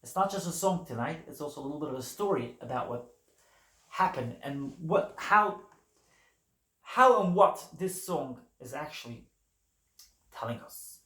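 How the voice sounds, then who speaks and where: A man teaching scripture verses and explaining them in a slow, deliberate way. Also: on the high side, lively intonation, sharp tone. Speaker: religious teacher. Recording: echoey room.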